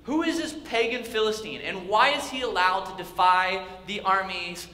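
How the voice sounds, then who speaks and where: A young male pastor voicing a cocky, eager teenage boy, slangy and excited, in an echoey hall. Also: high-pitched, brisk, a little hiss or hum. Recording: echoey hall with faint ambience.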